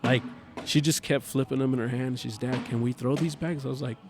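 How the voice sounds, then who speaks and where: Gravelly guy guest telling a story, animated and chatty, music going in the background. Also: mid-range voice, fairly quick. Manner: animated, chatty storyteller who acts out dialogue. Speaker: podcast guest, cornhole player. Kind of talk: casual storytelling chat.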